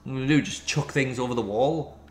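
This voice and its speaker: A man's voice: mid-range voice, quick pace, darkish tone. A man hosting a let's-play of a visual novel, cracking rambling jokey asides as he reads along. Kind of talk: reading and reacting to a visual novel. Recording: echoey room with game music.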